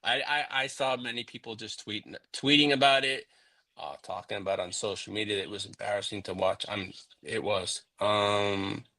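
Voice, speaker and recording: A man hosting a live fan show about his football team, talking through the game and breaking into a profane, shouting rant. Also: lowish voice, steady tone, normal speed. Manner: profane, ranting, shouting in anger.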